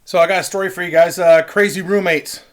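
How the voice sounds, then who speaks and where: A man's voice: high-pitched, steady tone, fast. A man casually telling a rambling, profane story straight to his webcam, with lots of fillers. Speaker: vlogger. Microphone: webcam picking up the mic closely.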